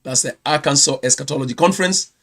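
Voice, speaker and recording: A man from Kenya with a Kenyan accent, hosting a casual ministry news roundup, chatty and quick to correct himself. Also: medium pitch, fairly bright tone, a little hiss or hum. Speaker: ministry host.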